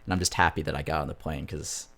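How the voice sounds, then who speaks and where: A man's voice: rumbling low, steady tone, fast, sharp tone. A young man, a podcast co-host, telling a story in a rambling, casual way and swearing freely.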